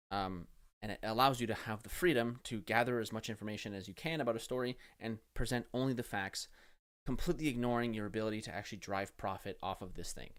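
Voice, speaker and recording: A young man from Canada giving casual, profane, exasperated commentary as a streamer reacting to political clips, with frequent restarts. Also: mid-range voice.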